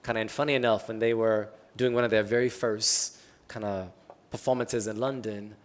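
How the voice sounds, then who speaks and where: At a public talk for an arts event, a panelist with a fairly low voice speaks at a normal speed. He keeps things loose and casual, often dropping in "um" and "kinda."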